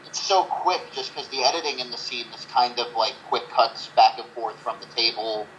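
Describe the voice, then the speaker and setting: A man's voice: medium pitch, normal speed, a bit bright, slight background noise, low-quality recording. A man co-hosting a casual movie review podcast, rambling with lots of fillers and swearing. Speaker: podcast co-host.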